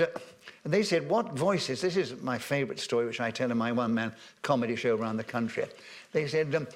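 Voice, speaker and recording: Rambling older man with a lifted voice. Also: on the high side. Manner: rambling storyteller, chuckling, frequent ums and restarts. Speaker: veteran broadcaster and guest. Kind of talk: anecdotal stage conversation. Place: festival stage before an audience.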